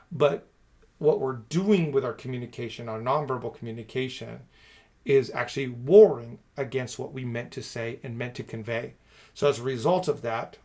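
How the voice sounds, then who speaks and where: A man in his thirties teaching on camera, emphatic and repeating key phrases in a steady rhythm. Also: medium pitch. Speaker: speaker and coach.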